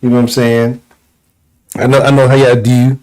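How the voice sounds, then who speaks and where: A man with a Houston accent hosting a call-in sports talk show, laid-back and slangy, often trailing off quietly. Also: mid-range voice, little pitch movement, normal speed. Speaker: sports talk radio host. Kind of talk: casual call-in show chat.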